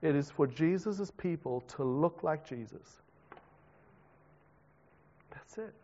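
A man's voice: a little high, lively intonation, slow, warm tone. South African man preaching in a hall. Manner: conversational preaching with self-deprecating laughs. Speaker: pastor. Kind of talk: sermon. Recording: dull reverberant hall recording.

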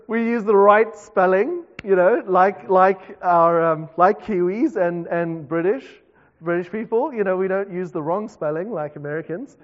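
A man's voice: sits high, lively intonation, moderate pace. A South African man, a pastor, preaching a conversational sermon with self-deprecating asides. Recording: dull reverberant hall recording.

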